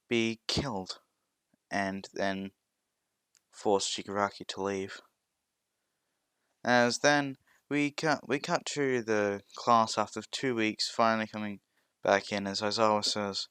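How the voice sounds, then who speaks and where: A man's voice: on the low side, pushed and bright, clear, resonant tone, dry recording, studio quality. A man narrating a fan-made story in a casual, rambling way, with many restarts. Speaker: storyteller and content creator.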